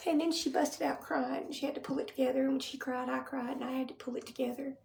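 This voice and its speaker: A woman's voice: high voice, fairly even intonation, quick pace, vocal fry, roomy sound, far from the mic, background noise. A grieving woman, talking on a livestream, often dropping to a whisper. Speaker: livestream host. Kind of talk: casual livestream talk.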